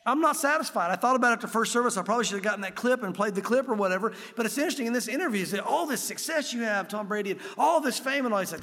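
A middle-aged man preaching a sermon as pastor, conversational and emphatic, with sudden loud peaks. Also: sits high. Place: church sanctuary. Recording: long reverb of a large hall.

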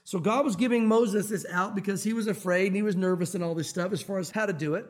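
A man's voice: high voice, fast talker, few pauses. A man preaching a sermon in a conversational, joking way, stressing key words as he teaches verse by verse. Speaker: pastor.

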